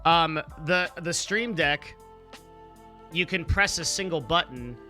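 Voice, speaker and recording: A man with a very bright, sharp-edged voice sitting a little high in pitch. He rambles bluntly through chat questions on a live stream, swearing freely and stumbling over restarts, with faint music behind him. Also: slow. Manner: blunt, profane, rambling with many fillers. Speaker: livestreamer answering chat.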